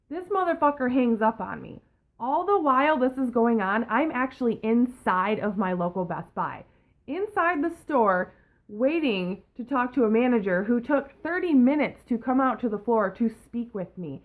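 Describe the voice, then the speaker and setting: A young woman tells a storytime vlog in an angry, animated rant, swearing freely as she goes. Her voice sits a little on the high side. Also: moderate pace. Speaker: vlogger.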